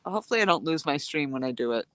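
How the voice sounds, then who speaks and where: Low-pitched, animated and rapid-fire with no echo, this fishing vlogger live-streams from a chilly dock on a phone held at arm's length. She rambles casually, sniffling from the cold while greeting her viewers.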